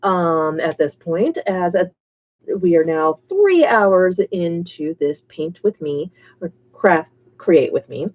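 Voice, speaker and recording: A chatty woman hosting a painting livestream, talking casually to her viewers and calling some of them by name. Her voice sits a little low for a woman. The stream audio sounds dull and lo-fi. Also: expressive, slow pace. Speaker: livestream host painting miniatures.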